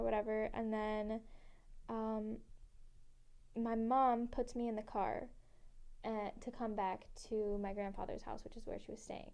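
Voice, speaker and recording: A woman's voice: mid-range voice, warm tone. A young woman telling a personal story in a casual, rambling way, full of fillers and freely swearing. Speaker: interviewee.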